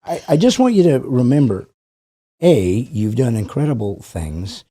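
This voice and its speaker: A man's voice: medium pitch, sing-song, unhurried, mellow, husky. A man hosting a studio podcast, talking in an earnest, encouraging, somewhat preachy way. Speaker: podcast host. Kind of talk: interview chat.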